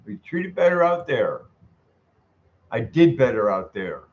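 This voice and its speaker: A man's voice: mid-range voice, very animated, measured pace, dull audio. A man venting in an angry, profanity-laced monologue, exasperated and repeating himself. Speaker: vlogger.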